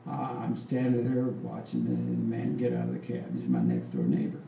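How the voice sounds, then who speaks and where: An elderly man in his eighties spins a rambling, chuckling tale in a folksy drawl, his voice gravelly and mellow. The sound is roomy and distant, with faint ambience of a live venue behind him. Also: mid-range voice, very animated, moderate pace, a little hiss or hum. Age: 80s. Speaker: folk performer and storyteller. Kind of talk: live on-stage storytelling.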